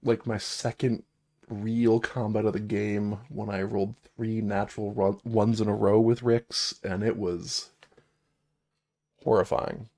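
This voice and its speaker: A man's voice: fairly low pitch, little pitch movement, measured pace, mellow. A man streaming a solo tabletop game, chatting casually and reading game cards aloud. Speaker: solo game player and narrator. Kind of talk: casual live-stream play-through.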